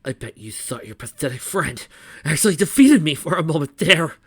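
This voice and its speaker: A man's voice: fairly high pitch, sing-song, normal speed, fairly bright tone, slightly rough, no echo, clean studio sound, pitched above the performer's own voice, full character voice. A man voicing a smug, condescending villain who is a former noble.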